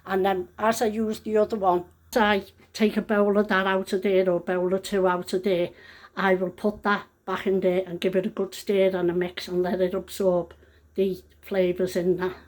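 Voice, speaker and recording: A woman's voice: medium pitch, little pitch movement, normal speed, darkish tone. An older woman, a grandmother cooking at home, who talks in a chatty, rambling way and often corrects herself mid-sentence. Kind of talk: casual cooking vlog. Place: home kitchen.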